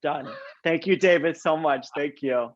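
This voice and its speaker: A man hosting an entertainment interview, playful and excitable, teasing his guests. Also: on the high side, unhurried. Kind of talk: casual interview chat. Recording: muffled lo-fi sound.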